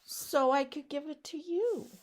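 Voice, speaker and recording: A woman's voice: sits high, expressive, unhurried, voice pushed up. A woman doing a shy, polite little duckling. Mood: meek. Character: small, polite, timid duckling.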